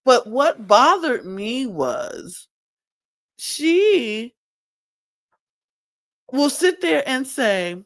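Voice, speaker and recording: Animated woman recapping reality TV. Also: high-pitched, very slow, long pauses. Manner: animated, incredulous rhetorical questions. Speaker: podcast co-host. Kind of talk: casual reality-TV recap chat.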